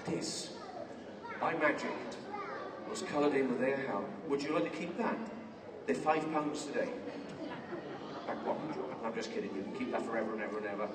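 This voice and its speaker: A man's voice: mid-range voice, moderate pace, long pauses, recorded from a distance, heavy background noise. A man performing a playful children's magic show on stage, joking with a young helper and yelping in mock pain. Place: large theatre stage before a crowd. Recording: roomy hall with loud crowd, miked from afar.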